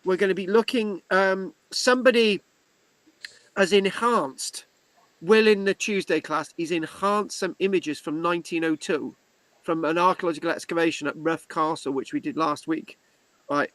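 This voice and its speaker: High-voiced chatty British man tutoring online. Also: a bit bright, no echo. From Britain. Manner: chatty, halting, many restarts. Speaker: history class tutor and host. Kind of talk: casual online class talk.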